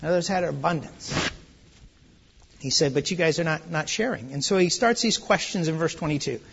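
A man preaching a conversational verse-by-verse sermon, dropping soft and low, then rising to loud, high exclamations. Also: normal speed, creaky, slightly rough, lo-fi sound. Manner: conversational, with restarts and asides. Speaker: pastor. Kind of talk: expository sermon.

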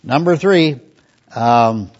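A man's voice: medium pitch, animated, very slow. An older man, a pastor, preaching a conversational sermon, telling folksy stories and reading scripture aloud. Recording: dull lo-fi recording.

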